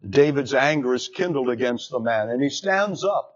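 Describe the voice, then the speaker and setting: A man preaching a sermon, retelling a scripture story in a dramatic, deliberate way. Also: medium pitch, fairly even intonation. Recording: dull lo-fi recording.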